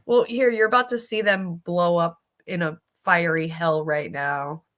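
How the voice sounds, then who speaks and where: A woman's voice: on the low side, steady tone, measured pace, fairly bright tone. A woman streamer reacting casually to videos, chatty and sympathetic, swearing freely.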